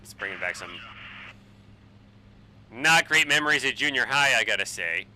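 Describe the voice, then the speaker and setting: A man in his forties, a bit tipsy on wine, rambling and swearing excitably while chatting on a flight sim live stream. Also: medium pitch, normal speed, poor audio. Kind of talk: casual live-stream chat while flying.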